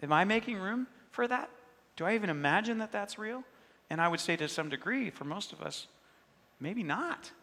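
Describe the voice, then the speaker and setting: Guy preaching in a church hall, earnest and chatty, kinda high voice. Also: lively intonation, normal speed, creaky, pushed and bright. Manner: earnest, conversational preaching with quoted inner dialogue. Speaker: pastor. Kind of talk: sermon.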